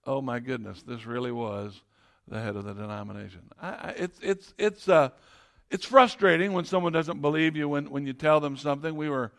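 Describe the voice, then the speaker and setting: A man's voice: medium pitch, fairly quick, gravelly, a bit bright. A middle-aged man preaching a sermon, reading scripture and telling stories in a conversational way with frequent restarts. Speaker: pastor.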